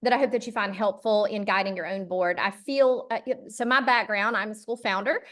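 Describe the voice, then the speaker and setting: A woman's voice: medium pitch, fairly quick, fairly bright tone. A middle-aged woman from Georgia with a Southern accent, leading a virtual workshop in a friendly way, with lots of ums and uhs. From Georgia, USA. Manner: friendly, many ums and uhs, says y'all. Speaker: charter school consultant leading a workshop.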